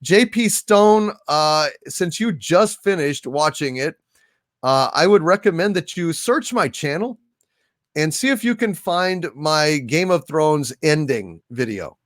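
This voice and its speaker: A man hosting a casual livestream, thanking viewers by name in a soft, halting way. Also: a little high, expressive, no echo, studio quality. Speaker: livestream host. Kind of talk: casual livestream chat, reading viewer donations.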